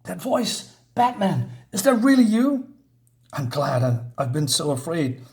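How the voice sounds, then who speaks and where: A man voicing a demon that poses as a blinded teenage boy, pleading and accusing in a high, strained voice. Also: sing-song, unhurried, darkish tone.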